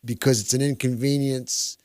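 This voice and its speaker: A man's voice: mid-range voice, flat delivery, moderate pace, a little mellow, dry recording. A man hosting a call-in radio show, chatting with callers in an easygoing, conversational way. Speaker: radio talk show host.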